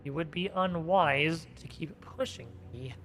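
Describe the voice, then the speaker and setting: A man's voice: on the high side, a bit bright. A man doing a reverb-drenched scheming vampire. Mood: haughty. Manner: slow, cool and condescending. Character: scheming sly male vampire lord.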